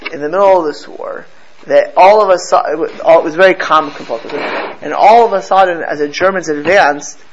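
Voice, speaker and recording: A man teaching a lesson through a story, animated and often restarting and repeating his words. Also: on the high side, brisk. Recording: slightly dull with faint background noise.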